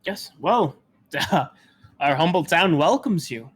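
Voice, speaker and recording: A man's voice: fairly high pitch, animated, slow, slightly rough, heavily acted. A man voicing a hospitable male shopkeeper who chats and stammers a little. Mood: welcoming. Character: friendly male shopkeeper in a small town.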